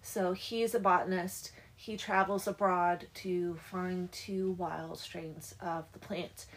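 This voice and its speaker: A woman in a casual book discussion, agreeable and lively as she retells scenes. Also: on the low side, slow pace, poor audio.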